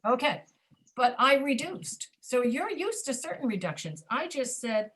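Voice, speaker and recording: A woman's voice: high-pitched, very animated, measured pace, a bit bright, slight background noise. Woman teaching pronunciation online. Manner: demonstrates spoken reductions, checks understanding often.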